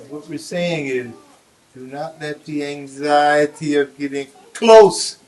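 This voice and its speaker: A man's voice: on the high side, expressive, measured pace, darkish tone, rough recording. A man addressing the community in a teasing, preachy way.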